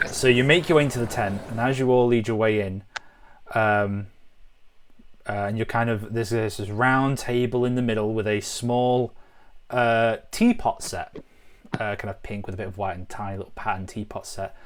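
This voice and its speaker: A man's voice: on the low side, steady tone, moderate pace. A man narrating a tabletop role-playing game as game master, casual and hesitant. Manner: casual, hesitant, many ums and kinda.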